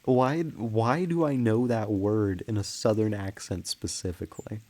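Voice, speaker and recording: In a lowish, slightly slow and slightly mellow voice, a man chats with his livestream viewers as he plays a game. His talk is rambling and casual, punctuated by frequent laughter and giggles.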